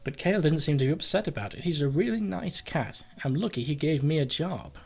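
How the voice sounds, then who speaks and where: A man commenting on a game he plays, excitable and swearing, breaking into loud outbursts. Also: fairly high pitch, a little fast, vocal fry. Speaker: game video host. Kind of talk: let's play commentary.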